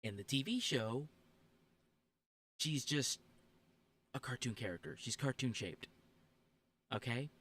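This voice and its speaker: A man's voice: medium pitch, slow, pauses often, fairly bright tone. A man streaming a game and ranting, heated, profane and emphatic.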